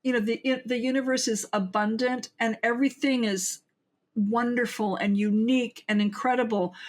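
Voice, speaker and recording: Chatty older woman, high voice. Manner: rambling, animated storytelling with quoted asides. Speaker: guest author. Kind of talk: podcast interview conversation.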